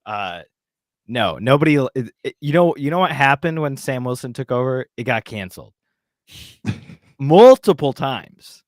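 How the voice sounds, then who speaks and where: A man's voice: mid-range voice, expressive, moderate pace, no echo, clean studio sound. Sarcastic man hosting a nerd podcast. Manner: mocking, with frequent fillers and laughs. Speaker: podcast host. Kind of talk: casual chat, sarcastically reading an article aloud.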